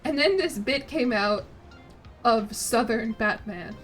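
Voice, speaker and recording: A young woman from Chicago, chatting casually and rambling as she streams, quick to laugh. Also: fairly high pitch, a bit bright, soft background music. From Chicago, United States. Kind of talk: casual chat while streaming.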